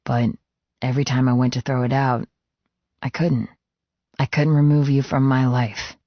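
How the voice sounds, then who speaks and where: A man voicing a brooding, possessive biker president in a suit, speaking low, intimate and teasing. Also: flat delivery, moderate pace, dry recording, lightly acted. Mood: earnest. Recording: dull, lo-fi dry studio read.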